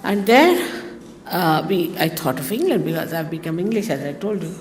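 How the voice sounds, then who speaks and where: A woman's voice: on the low side, sing-song, normal speed. Woman, rambling anecdotal talk, long hall reverb, faint noise behind. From India. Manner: rambling, digressive, with exclamations and asides to listeners. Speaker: speaker giving a talk.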